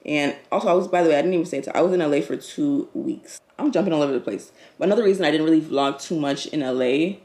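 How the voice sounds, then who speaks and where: A woman's voice: sits low, fast talker, few pauses, darkish tone. A young woman, telling a story in a casual vlog and acting out both sides of the conversations. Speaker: vlogger.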